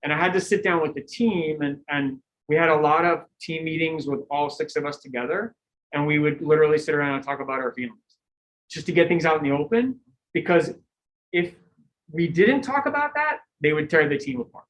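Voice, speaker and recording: A middle-aged man, a cycling coach, giving a lecture full of animated stories and acted-out quotes, laughing now and then. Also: a little high, a little fast, poor audio. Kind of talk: lecture with anecdotes.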